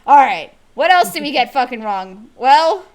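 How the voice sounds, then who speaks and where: A woman hosting a casual chat stream, animated and laughing often. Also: high-pitched, normal speed. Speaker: host.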